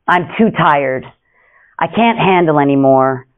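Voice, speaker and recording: High-voiced guy preaching, earnest, goes quiet then loud, bit muffled. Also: lively intonation, a little slow, pauses often. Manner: earnest, repetitive, swings between hushed and emphatic. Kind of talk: informal sermon.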